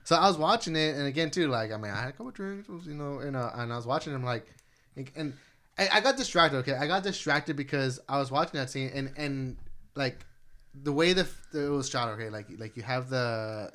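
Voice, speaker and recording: A young man co-hosting a casual podcast, talking in an excitable rush with plenty of fillers, his voice jumping high when he gets thrilled. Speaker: podcast co-host. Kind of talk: casual chat.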